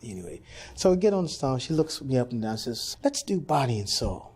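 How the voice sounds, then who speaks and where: Male jazz pianist, interview guest, animated storyteller, lively pitch. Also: a little fast, slightly rough. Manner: animated storyteller, acts out quoted voices.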